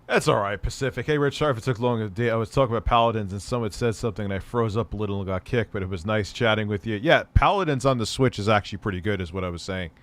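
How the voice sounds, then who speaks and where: Profane, excitable male livestream host. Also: fairly low pitch, very fast, few pauses. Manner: loose and profane, laughs often, jumpy bursts of excitement. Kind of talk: casual livestream chat.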